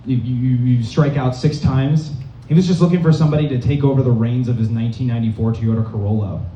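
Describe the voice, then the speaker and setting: Young man, rambling deadpan stand-up, dark mellow voice, distant roomy club sound. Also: medium pitch, quick pace, highs cut off. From Massachusetts. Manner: rambling, filler-heavy deadpan delivery. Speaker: stand-up comedian. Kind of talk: stand-up set. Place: comedy club stage.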